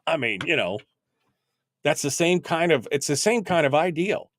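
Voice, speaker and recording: A man's voice: fairly high pitch, expressive, normal speed, a little hiss or hum. A man in his fifties hosting a talk radio show, delivering a wry, exasperated, rambling monologue full of asides. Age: 50s.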